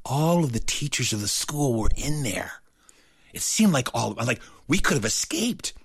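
Animated male storyteller, lively pitch. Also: a little slow, breathy edge, dry recording. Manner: animated, acts out voices, swings between loud and hushed.

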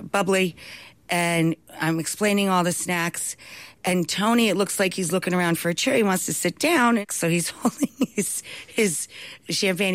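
A woman being interviewed, telling stories in an animated way and laughing often. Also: fairly low pitch, no room sound. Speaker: guest, talk show host and cookbook author. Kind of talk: anecdotal storytelling in an interview.

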